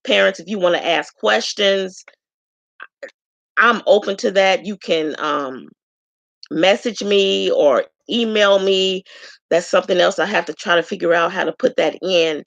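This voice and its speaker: A woman from Chicago giving a frank, chatty self-introduction to her viewers, pausing often with ums. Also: medium pitch, creaky, a bit bright, no room sound, lo-fi sound. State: tearful at times. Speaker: vlogger introducing herself. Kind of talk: casual self-introduction to camera.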